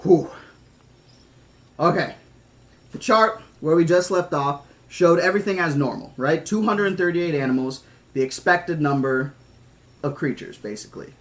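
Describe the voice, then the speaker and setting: This streamer, who reads a novel aloud, is choked up and nearly crying as he stumbles through thanking his viewers in a casual chat. He speaks a little high and a bit bright, at a measured pace with frequent pauses.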